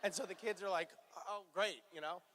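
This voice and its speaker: A man chatting as a guest on a fan convention panel, loose and jokey, breaking into laughter and filling gaps with ums. His speaking voice sits high for a man. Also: quick pace, a bit bright, a little hiss or hum. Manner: laughs a lot, loose and playful, many ums. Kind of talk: joking convention Q&A chat.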